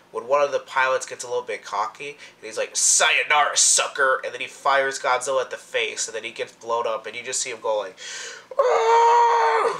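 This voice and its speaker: A young man rambling excitedly through a casual movie fan commentary, full of fillers and asides. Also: medium pitch, slight background noise. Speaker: movie review vlogger.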